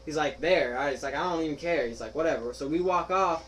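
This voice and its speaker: A man's voice: on the high side, quick pace, a little hiss or hum, low-quality recording. Young man telling a story between laughs. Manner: animated, laughing, acts out quoted friends. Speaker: podcast host telling a story. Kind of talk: casual storytelling chat.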